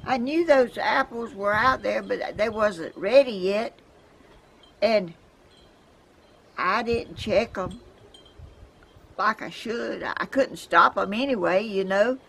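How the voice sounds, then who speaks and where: An older Southern woman from Georgia vlogs outdoors in her yard, rambling casually in a folksy way with chuckling asides, as wind chimes and outdoor ambience play behind her. Her mid-range voice is a bit bright with vocal fry, and she speaks slowly with long pauses.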